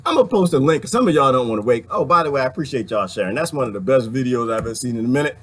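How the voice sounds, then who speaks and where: Husky man ranting to viewers. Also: mid-range voice, racing. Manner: animated, preachy, talks straight to the audience. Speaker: vlogger.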